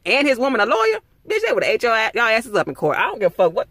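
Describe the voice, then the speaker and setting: A young man reviews a TV episode in a heated, profane rant with lots of animation. His voice sits somewhat high for a man, and the recording is dry and close with no room sound. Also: sing-song, quick pace, few pauses, a bit bright, dry recording. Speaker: TV show reviewer.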